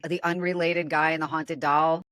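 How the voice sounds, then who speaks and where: A woman's voice: deep voice, level tone, normal speed, a bit bright, no room sound. A woman hosting a casual podcast, reading odd news stories aloud and laughing at them. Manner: amused, laughs often, comments while reading. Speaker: podcast host.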